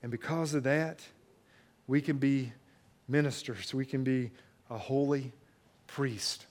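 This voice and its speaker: A man's voice: medium pitch, fairly even intonation, slow, a little mellow. A male pastor giving an emphatic, conversational sermon in a church, often repeating phrases for weight. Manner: emphatic, conversational preaching with repetitions.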